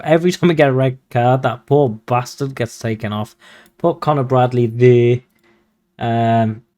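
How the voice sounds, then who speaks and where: A man giving casual, excitable commentary over a football management game, swearing when he gets frustrated. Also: medium pitch. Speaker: video game streamer.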